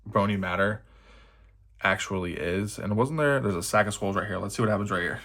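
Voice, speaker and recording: Painting a miniature at his desk, a young man narrates casually, thinking aloud and poking fun at himself. His voice is on the low side and a bit bright, and he talks briskly.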